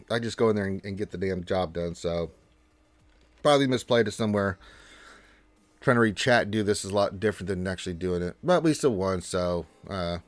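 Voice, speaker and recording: A man hosting a casual gaming live stream reads out viewer chat in a loose, talkative way, restarting sentences and jumping up in pitch now and then. The recording is dry.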